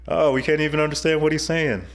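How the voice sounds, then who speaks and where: A man hosting an online video, giving chatty, enthusiastic, joking commentary over video clips. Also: a little high. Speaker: YouTube host.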